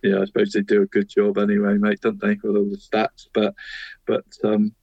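A man's voice: on the low side, monotone, a little fast, creaky, breathy edge, no room sound. A man co-hosting a local football show, chatting through weekend results and calling his co-host "mate" at every turn. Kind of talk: casual results round-up. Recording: dry, dull lo-fi sound.

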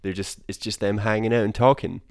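Deep-voiced man, casual chat. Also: fairly even intonation, brisk, vocal fry, no room sound, studio quality. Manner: rambling, loose and profane. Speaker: podcast co-host. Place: indoor room.

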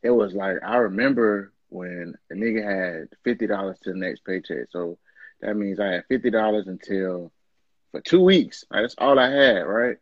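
A married man co-hosting a podcast, chatting casually and reflecting in a relaxed storytelling way. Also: lowish voice, moderate pace, no room sound, muffled recording. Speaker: podcast co-host. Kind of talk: casual chat.

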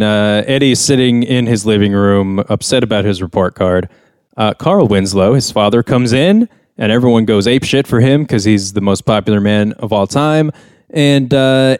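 A man's voice: mid-range voice, normal speed, darkish tone, clear, resonant tone, dry recording, studio quality. Casual rambling male podcast host. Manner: rambling storyteller, acts out characters' lines with raised voice. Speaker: podcast co-host recapping a sitcom episode. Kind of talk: casual chat.

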